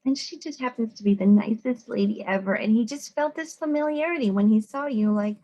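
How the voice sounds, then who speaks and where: A woman from the United States gives a psychology talk to students in a voice pitched a little above the usual. She talks in a loose, conversational way, and she brings her stories to life by putting on the voices of the people in them. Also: brisk, poor audio. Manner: conversational, animated, acts out quoted people in voices. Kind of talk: informal lecture to students.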